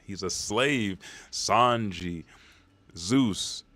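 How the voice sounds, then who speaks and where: A man hosting a live manga chapter reaction, recapping scenes in a profane, excitable way and acting out the characters' lines. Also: fairly low pitch, extremely slow, dry recording.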